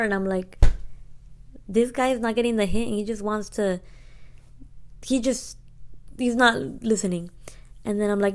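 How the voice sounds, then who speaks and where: A woman in her twenties telling a story in casual, slangy talk, re-enacting dialogue as she goes. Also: mid-range voice. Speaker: podcast co-host.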